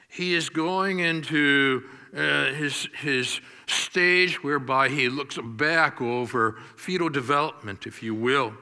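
A pastor delivering a sermon in a deliberate, emphatic manner, stressing key words. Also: male voice, medium pitch, pushed and bright, smooth, long reverb tail.

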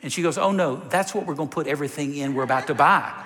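A man preaching a sermon, telling a story with lively, direct appeals to the congregation. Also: a little high, very fast, background noise. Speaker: pastor. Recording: reverberant hall.

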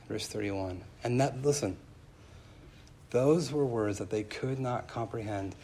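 Animated young male preacher. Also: mid-range voice, slow, pauses often. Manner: storytelling with animated asides, voice climbing when excited. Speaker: pastor. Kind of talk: sermon.

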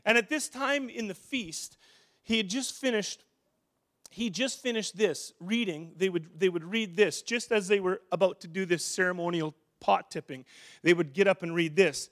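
A middle-aged man preaching a sermon in an animated, conversational way, often restarting his sentences. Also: sits high, moderate pace.

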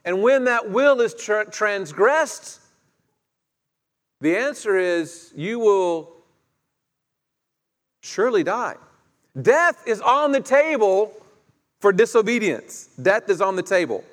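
A man's voice: high voice, very animated, slow pace, pauses often. A man preaching a sermon in a conversational way, asking his listeners questions as he retells the story. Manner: conversational, asks the congregation questions. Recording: echoey hall, long reverb.

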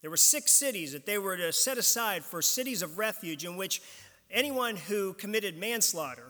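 A man's voice: sits high, expressive, normal speed, pushed and bright. A man preaching a sermon in a church, speaking conversationally from a pulpit mic. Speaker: pastor. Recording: long hall reverb from the church.

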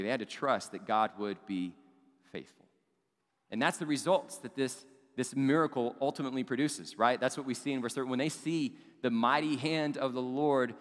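A man's voice: mid-range voice, a bit bright. A man preaching a sermon as a pastor, earnest and building with emphasis, often posing rhetorical questions. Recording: long reverb of a large hall.

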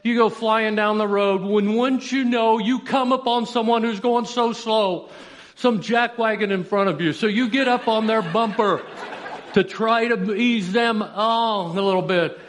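Male pastor, slightly high voice, storytelling sermon, lingering church reverb. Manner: storytelling with dramatic pauses and rising intensity. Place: church sanctuary.

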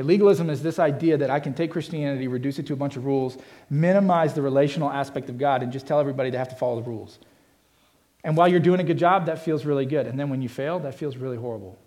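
A man's voice: on the high side, a little mellow. A middle-aged man preaching a sermon, earnest and conversational, often restarting his phrases. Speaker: pastor.

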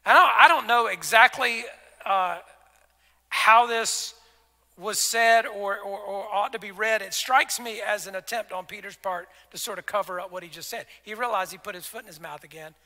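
A male pastor preaching a conversational sermon with a high, very bright voice. He acts out the scripture dialogue and sometimes drops to soft, intimate tones. His voice rings with the long reverb of a large hall. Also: normal speed.

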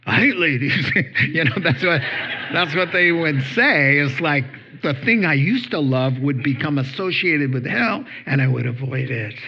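A man's voice: on the high side, a little slow, highs cut off, slight background noise. A man preaching a sermon, telling stories with acted-out voices and laughing at his own jokes. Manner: animated storytelling, acts out voices and laughs. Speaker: pastor.

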